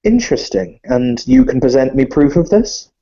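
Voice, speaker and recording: A man's voice: fairly high pitch, big pitch swings, moderate pace, vocal fry, mellow, muffled recording, pitched above the performer's own voice, exaggerated voice. A man putting on a refined aristocratic vampire viscount. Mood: intrigued. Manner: courteous, formal, slightly fussy with hesitations. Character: calm, polished aristocratic male vampire banker.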